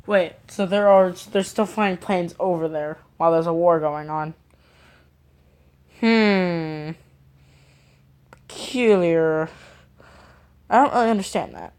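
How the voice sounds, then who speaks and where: Lower-voiced woman rambling in a reaction video. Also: lively intonation, a little fast, few pauses, darkish tone. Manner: rambling, thinking aloud with many fillers. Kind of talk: casual reaction commentary.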